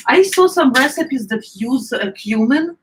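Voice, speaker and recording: A middle-aged woman with an Eastern European accent, chatting casually as she cooks, often searching for words and filling pauses. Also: sits high, animated, noisy background. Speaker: home cook. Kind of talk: casual cooking vlog chat.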